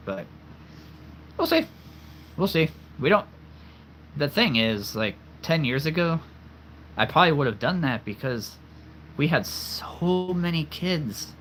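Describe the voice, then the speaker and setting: A man's voice: on the high side, very animated, takes it slowly, long pauses, fairly bright tone, a little hiss or hum. A man chatting casually on a livestream, answering viewers with frequent laughter while losing his voice. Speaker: livestream host.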